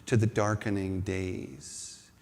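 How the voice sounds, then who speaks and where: Gravelly man speaking in a hall. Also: deep voice, slow pace. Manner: reflective, self-deprecating, animated in bursts. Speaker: spiritual speaker. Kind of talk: reflective talk with personal storytelling. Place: large hall at a spiritual center. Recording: long reverb in a hall.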